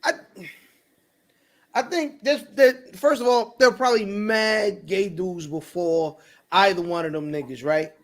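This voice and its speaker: High-voiced man joking about sports. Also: measured pace. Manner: loose, joking, slangy, laughs often. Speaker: podcast co-host. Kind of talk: casual sports chat.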